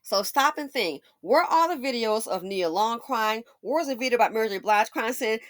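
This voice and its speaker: A woman's voice: fairly high pitch, animated, moderate pace, hardly any pauses, fairly bright tone, no echo, clean studio sound. A woman giving sassy, emphatic, opinionated celebrity commentary. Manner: sassy, emphatic, mocking asides. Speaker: commentary channel host.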